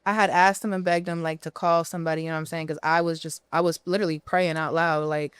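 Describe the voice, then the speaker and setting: A woman's voice: low-pitched, level tone, fast talker, hardly any pauses, smooth, dry recording. A woman, a podcast guest candidly telling a long personal story full of profanity. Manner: candid and profane, tells her story at length. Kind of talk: casual storytelling interview.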